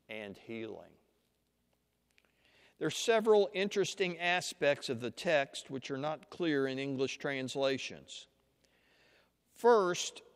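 A man preaching a sermon, teaching slowly and deliberately with dramatic pauses and leading listeners through an imagined scene. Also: a little high. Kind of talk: sermon with guided imagination exercise. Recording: long hall reverb.

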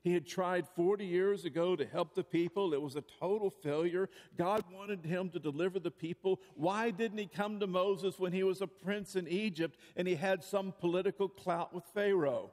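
Male pastor, sermon, earnest and rhetorical, slightly high voice, long reverb. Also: moderate pace, hardly any pauses, a little mellow. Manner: earnest, rhetorical, repeated questions.

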